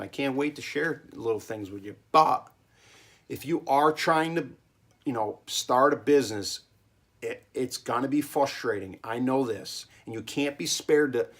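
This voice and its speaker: Emphatic man rambling in his cellar. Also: medium pitch. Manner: emphatic, rambling, keeps checking in with "okay?". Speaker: small business owner giving advice. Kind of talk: casual monologue vlog. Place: home cellar.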